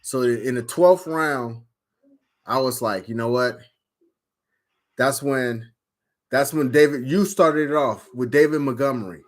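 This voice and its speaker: Here a man of medium pitch talks at a measured pace with frequent pauses. He's a fantasy football league member loosely retelling the draft, cursing, rambling, and throwing in lots of fillers and outbursts as he animatedly tells it.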